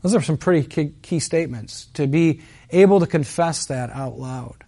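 Male pastor, high voice, earnest conversational sermon delivery with emphatic swells. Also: normal speed, warm tone, husky. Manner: earnest, conversational storytelling, rising to emphatic peaks.

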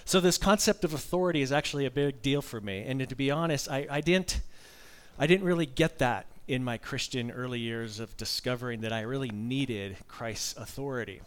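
A man's voice: medium pitch, fairly quick, clear, resonant tone. A man in his fifties preaching a sermon, telling a personal story in a candid, conversational way with frequent asides.

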